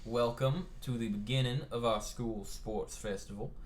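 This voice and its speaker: Man putting on a drawling Southern gentleman speaker. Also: mid-range voice, steady tone, natural voice. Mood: ceremonious. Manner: formal, drawn-out speechmaking. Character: formal Southern gentleman school leader, male, in a fancy suit.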